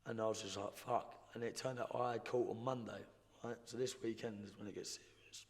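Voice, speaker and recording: A young man, telling his life story in a blunt, slangy, halting way as a podcast guest. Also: fairly low pitch, steady tone, a little mellow. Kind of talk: casual storytelling. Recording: roomy hall reverb.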